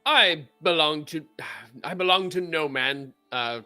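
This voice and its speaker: A man's voice: fairly high pitch, pushed and bright, smooth, soft background music, heavily acted. Man voicing a weary polite household robot. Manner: polite, halting, tired of questions.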